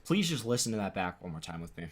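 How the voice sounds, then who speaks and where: A man's voice: sits low, very animated, quick pace. Young guy on a live stream reacting to a clip, swears a lot, keeps repeating himself in disbelief.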